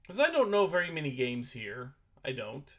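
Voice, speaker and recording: A man's voice: a little high, wildly swooping pitch, normal speed, creaky, fairly bright tone. A man on a casual gaming stream, explaining the rules of a board game while setting it up at his computer, talking hesitantly as he thinks aloud. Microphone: desk microphone at a computer.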